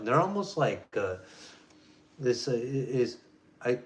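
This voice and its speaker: A man ranting to camera as a vlogger, profane and emphatic, swinging between loud jabs and low mutters. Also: expressive, a little slow.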